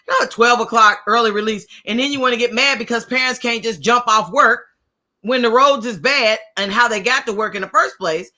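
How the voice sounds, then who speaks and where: Female podcast guest, brand coach, casual banter, sharp bright tone. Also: fairly high pitch, brisk. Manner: laughing, incredulous banter. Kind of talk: casual chat.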